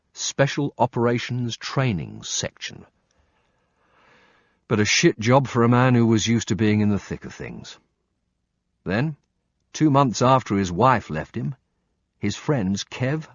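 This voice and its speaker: A man's voice: sits low, no echo. A man reading a first-person audiobook with dry, wry storytelling and blunt swearing, on slightly muffled audio. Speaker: audiobook narrator.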